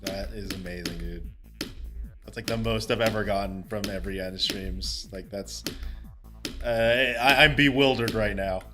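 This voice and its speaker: A man chatting casually on a live game stream, excitable, laughing often and swearing casually as he talks to viewers. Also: lowish voice, moderate pace, over music. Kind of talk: casual live-stream chat while gaming.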